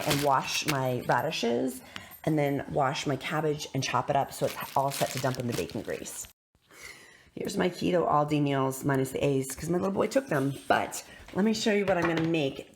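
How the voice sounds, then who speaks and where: A woman's voice: low voice, background noise. A woman chatting casually to viewers in an upbeat shopping haul vlog, a little sick. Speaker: vlogger.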